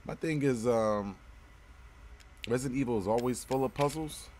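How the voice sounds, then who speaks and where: A man's voice: mid-range voice, normal speed, background noise. A man hosting a let's-play, commenting casually with slang and frequent swearing. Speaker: gaming channel host.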